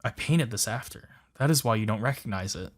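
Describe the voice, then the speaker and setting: Hansel, a man doing a gentle lover. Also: lowish voice, a little fast, slight background noise, natural voice. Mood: sorrowful. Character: gentle, devoted young male lover. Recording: music playing behind.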